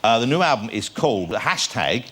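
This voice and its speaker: A British man hosting a studio talk show, his voice in a middle pitch. He asks questions wryly and loves to tease his guest. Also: sing-song, normal speed, sharp tone, husky. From England. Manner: wry, teasing questioning. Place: television studio with audience.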